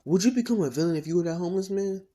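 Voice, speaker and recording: A man's voice: high voice, very fast, dark tone, voice pushed up, lightly acted. A man voicing a ruthless, money-driven teenage boy hero who talks bluntly with slang and profanity in a fan-made story. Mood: cocky.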